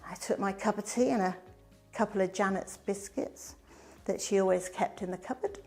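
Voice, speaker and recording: Telling her life story as a presentation, a middle-aged woman moves at a moderate pace in a creaky, medium-pitched voice, shifting between bright emphasis and hushed asides. Faint music plays behind her.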